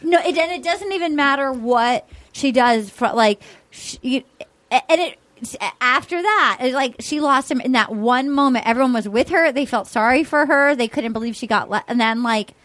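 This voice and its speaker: A woman with a fairly high voice chats on a podcast, quick to put on the voices of the people she describes. Her voice sits close to the mic in a dry, dead room. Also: fairly bright tone, no echo. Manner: chatty, acts out what others said. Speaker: podcast host. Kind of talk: casual chat.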